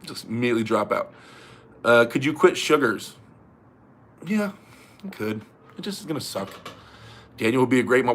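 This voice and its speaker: A man's voice: medium pitch, expressive, normal speed, long pauses, a bit bright. A young man hosting a casual livestream, reading viewer comments in a laid-back way, laughing often and swearing casually. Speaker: livestream host.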